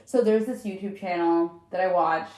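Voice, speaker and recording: A woman's voice: on the low side, normal speed, darkish tone. A young woman hosting a podcast in casual chat, swearing freely and acting out little scenes as she talks. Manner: chatty, swears often, acts out little scenes. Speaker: podcast host. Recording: echoey room.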